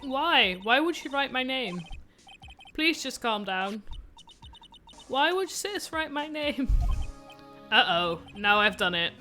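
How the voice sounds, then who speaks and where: Bright, lively woman streamer. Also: sits high, slow pace, pauses often. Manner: reads dialogue in her own voice, no accents; chatty, reacts aloud to the story. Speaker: streamer playing a game. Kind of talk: reading game text aloud and chatting. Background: faint game music.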